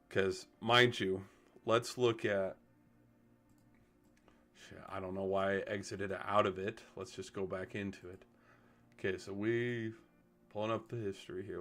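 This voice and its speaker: A man's voice: on the low side, fairly even intonation, a little slow, long pauses, fairly bright tone. Rambling man on a sports stream. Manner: rambling, thinks aloud, casual swearing. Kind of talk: casual live-stream sports commentary.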